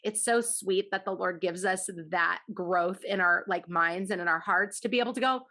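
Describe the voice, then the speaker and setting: A woman's voice: fairly low pitch, pushed and bright. Chatty woman podcast host. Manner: chatty, quick to laugh along. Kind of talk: casual chat.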